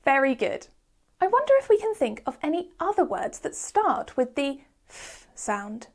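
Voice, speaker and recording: A woman teaching a children's phonics lesson in a slow, encouraging, sing-song teacher voice. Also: high-pitched, sing-song, gravelly.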